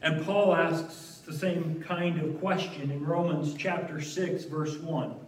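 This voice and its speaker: A man delivers a sermon in a fairly high voice, earnest and emphatic, dropping in the odd wry aside. The sound is roomy and echoing, as in a church, and he stands some way back from the microphone. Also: steady tone, slow pace, a little hiss or hum. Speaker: preacher. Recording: echoey room, voice from a distance.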